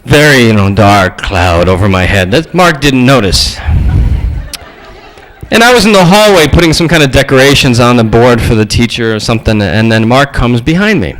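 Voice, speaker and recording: A male preacher giving a storytelling sermon, animated and acting out the voices in his stories. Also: mid-range voice, normal speed, rough recording.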